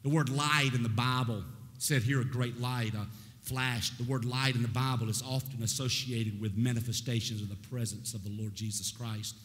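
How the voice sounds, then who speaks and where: Preacher man with a sharp, chanting delivery. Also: mid-range voice, steady tone, normal speed, slightly rough. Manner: rises into a chanting, sing-song preaching cadence; asks the congregation questions. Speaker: pastor. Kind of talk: sermon.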